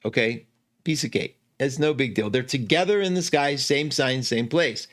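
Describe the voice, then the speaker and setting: A man hosting an astrology show, explaining a chart in a chatty, animated way that keeps correcting itself, with easy laughs. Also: mid-range voice, normal speed. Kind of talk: casual teaching talk.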